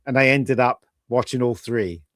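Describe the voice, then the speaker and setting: Man, co-host, casual rambling chat, animated opinions, dry close mic. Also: mid-range voice, normal speed, no echo.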